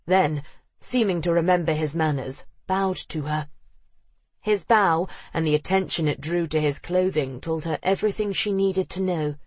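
An audiobook narrator reading a period romance in a steady, expressive storytelling voice. The tone is a little husky and breathy. The recording is dry and close, with no room sound. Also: medium pitch, normal speed, dry recording. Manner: expressive, acting out the characters.

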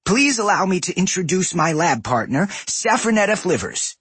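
An anxious young goblin engineer speaks in a raised, fretful voice, as a male narrator acts him out. His tone is husky and breathy, and the sound is dry and close. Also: high-pitched, big pitch swings, normal speed, a bit bright, no echo, pitched above the performer's own voice, heavily acted. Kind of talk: audiobook character voice.

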